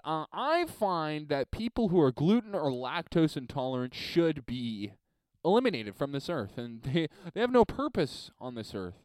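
A man's voice: fairly high pitch, dry recording, studio quality. A man hosting a solo podcast from a basement, reading listener emails in a crude, sarcastic, rambling rant. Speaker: podcast host.

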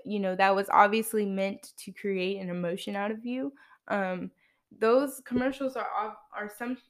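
A woman's voice: medium pitch, smooth. A woman in her twenties talking frankly on her podcast in a casual monologue, with wry asides. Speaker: podcast host.

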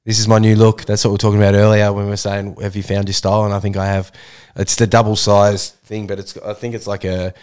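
A man's voice: lowish voice, level tone, fast talker, a little mellow, smooth. Teasing Australian man in his thirties. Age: 30s. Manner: dry, teasing, laughs often, reads out the list. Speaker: podcast co-host. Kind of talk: casual banter.

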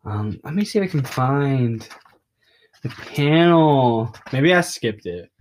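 A young man talks casually on a podcast, recapping a comic he has read. His voice sits at an ordinary middle pitch. He rambles, gets excited and emotional, and trips over restarts and fillers. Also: takes it slowly. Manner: openly emotional. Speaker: podcast host.

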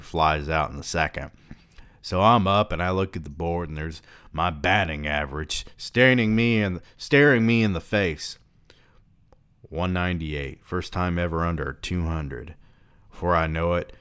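A man reading a novel aloud and breaking off for relaxed commentary with swearing asides. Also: rumbling low, clear, resonant tone. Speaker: reader and book commentator.

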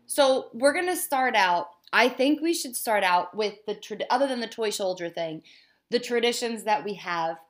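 A woman's voice: fairly high pitch, animated, moderate pace. A woman in her thirties co-hosting a casual podcast from her dining room, chatty and competitive as she tells stories. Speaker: podcast co-host. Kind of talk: casual chat.

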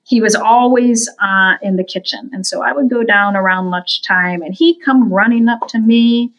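A woman guest in an interview tells a long story at an easy pace. Her voice sits in a middle register. When she quotes people she jumps up in pitch and gets more animated. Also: normal speed, dull audio. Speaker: guest from a veterans' services group.

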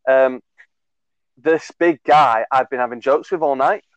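A man's voice: mid-range voice, measured pace, clear, resonant tone, no echo, lo-fi sound. Young man telling a rambling story. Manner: rambling, laughing, lots of fillers and swearing. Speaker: podcast co-host. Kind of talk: casual storytelling chat.

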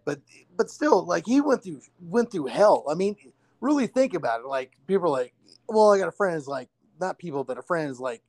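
Animated, profane male podcast co-host. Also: sits high, fairly quick, no echo. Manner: animated, profane storytelling with acted-out quotes. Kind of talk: casual podcast chat.

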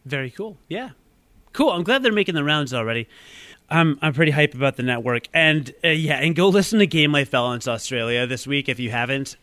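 A young man hosting a podcast talks casually and at length. His voice is slightly high and recorded dry and close. He is self-deprecating and laughs easily. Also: expressive, brisk, a bit bright, no room sound. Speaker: podcast host.

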